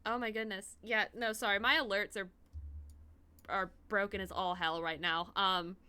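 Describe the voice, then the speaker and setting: Woman, game streamer, excitable, swears a lot, smooth crisp voice, dry sound. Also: mid-range voice, moderate pace, dry recording. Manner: excitable, laughs often, swears freely. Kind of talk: casual live-stream chat while gaming.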